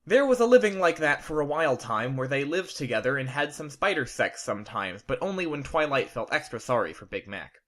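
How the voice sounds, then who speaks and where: Bright-voiced man reading deadpan. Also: mid-range voice, brisk, few pauses. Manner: straight-faced, reads mistakes as written. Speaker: narrator, fan fiction reader. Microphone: home condenser microphone.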